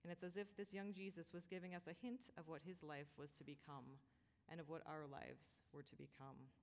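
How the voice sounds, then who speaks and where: A woman pastor giving a sermon, telling a personal story in a gentle, reflective way. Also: low voice, level tone, normal speed, vocal fry. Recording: long reverb of a large hall.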